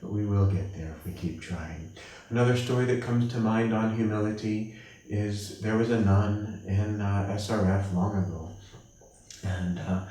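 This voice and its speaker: In a spiritual class at a monastery, an American teacher gently tells stories and performs the quoted voices at a higher pitch. The sound is echoey and distant.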